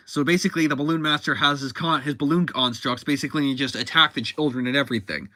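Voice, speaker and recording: A man's voice: medium pitch, fast, hardly any pauses, bright, forceful tone, no room sound. A man casually recapping a comic book, rambling and often correcting himself mid-sentence. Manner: rambling, self-correcting, chatty.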